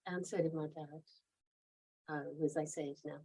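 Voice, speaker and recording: A woman's voice: deep voice, fairly even intonation, moderate pace, mellow, breathy edge, rough recording. A woman in her fifties with a mid-Atlantic accent between American and British, telling stories in a rambling, chatty way as a guest author and laughing often. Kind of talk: casual interview storytelling.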